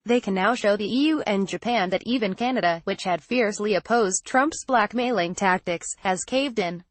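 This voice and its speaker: A woman narrating a trade-policy newsletter as scripted news, with a measured, even delivery. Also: mid-range voice, no room sound.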